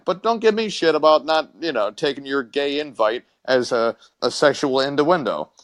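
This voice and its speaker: A man's voice: fairly high pitch, normal speed, few pauses. A man co-hosting a casual podcast, telling a crude story in rambling bits with stammers and swearing. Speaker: podcast co-host.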